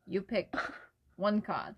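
A woman's voice: medium pitch, slow, husky, dull audio. A young woman co-hosting a casual chat, playful and goofy, often laughing. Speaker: podcast co-host.

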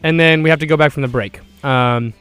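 A man's voice: a little high, fairly quick, smooth, dry recording, faint music behind. A young man co-hosting a casual sports podcast, telling stories animatedly and acting out voices. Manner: animated storyteller, acts out voices. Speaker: podcast co-host. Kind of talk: casual chat.

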